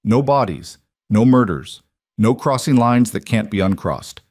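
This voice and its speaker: A man's voice: mid-range voice, expressive, a little slow, darkish tone, no echo, clean studio sound. A man reading a weary, blunt female detective. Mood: weary, earnest.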